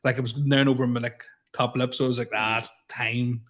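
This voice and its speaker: A man's voice: mid-range voice, flat delivery, fast talker. Laid-back man chatting. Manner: laid-back, laughs often, trails off. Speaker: podcast co-host, comedian. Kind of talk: casual comedic chat.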